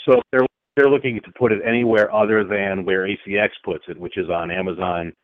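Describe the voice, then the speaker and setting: A man with a lowish voice answers interview questions in a relaxed way, with plenty of ums. The line is dry and muffled. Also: a little fast, dry recording. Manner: relaxed, hesitant, many fillers. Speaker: voice-over artist guest. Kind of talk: casual interview chat.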